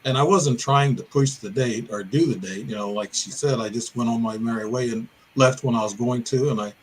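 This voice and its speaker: An older podcast guest from Illinois in the American Midwest recounts a personal encounter in a winding, detailed way, correcting himself as he meanders along. His medium-pitched voice is brisk, and the poor audio carries a slight hiss or hum.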